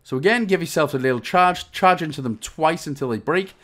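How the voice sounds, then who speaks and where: This game guide narrator is from Wales, a young man with a slightly high, somewhat bright voice who talks fairly quickly. Over the gameplay he lays out the walkthrough one step at a time, interrupted by joking, meandering tangents.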